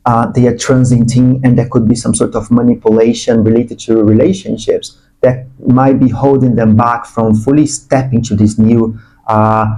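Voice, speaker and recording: A man giving an earnest, spiritual channeled tarot reading, sometimes breaking into excited bursts. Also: medium pitch, low-quality recording. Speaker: tarot reader.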